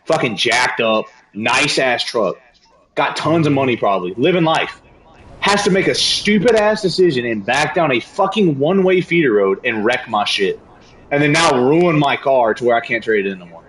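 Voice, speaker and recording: A young man streaming a game, telling a story in a casual, animated rant full of slang and cursing. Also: medium pitch, normal speed, rough recording. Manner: animated, profane, slangy ranting. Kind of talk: casual storytelling while gaming.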